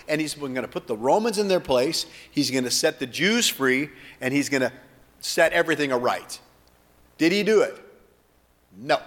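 A man's voice: on the high side, a bit bright. Emphatic male preacher, long hall reverb. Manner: emphatic and dramatic, asks the crowd questions. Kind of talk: sermon.

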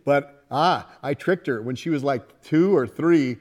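A man's voice: mid-range voice, a little slow, a little mellow. A middle-aged man preaching a sermon in a folksy, conversational way, with asides and laughter shared with his congregation. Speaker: pastor.

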